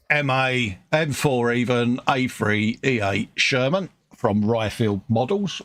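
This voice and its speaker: His voice is lowish and gravelly yet fairly bright in tone. The UK man co-hosts a live model-building stream, reading the chat out in a chummy way and calling everyone mate.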